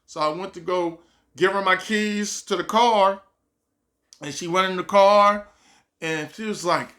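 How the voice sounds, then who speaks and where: A man casually telling a personal story to camera, animated and full of quoted back-and-forth dialogue. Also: high-pitched, measured pace. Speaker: vlogger.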